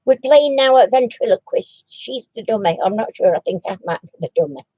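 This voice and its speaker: A woman's voice: medium pitch, lively intonation, brisk, breathy edge, no room sound, muffled recording. A woman, chatting casually on a crafting live stream, rambling with many restarts. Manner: coos baby talk to her dog.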